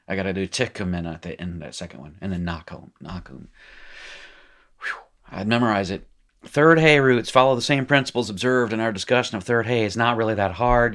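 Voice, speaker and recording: This is a man with a fairly low voice giving a casual recorded lesson. He reads passages from a textbook, then comments on them loosely, with frequent restarts and small self-corrections. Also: a bit bright. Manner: rambling, self-correcting, joking asides. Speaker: teacher.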